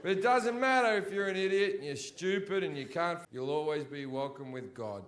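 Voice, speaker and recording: A stand-up comedian on a comedy stage, talking bluntly and profanely into a handheld mic. His voice sits fairly high for a man. His delivery is mocking and unapologetic, and a faint hiss runs under the recording. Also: normal speed. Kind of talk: stand-up routine. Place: comedy stage before a live audience.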